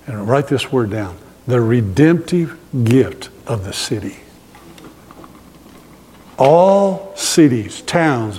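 In a church hall filled with a live congregation, a male pastor with a mid-range voice delivers a sermon, weaving in humorous stories and asking the congregation questions. The recording has long hall reverb plus a little hiss or hum.

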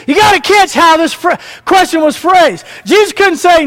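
Man, very high voice, sermon, asks the crowd questions, long hall reverb. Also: normal speed, hardly any pauses. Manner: animated, asks the congregation questions. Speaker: preacher.

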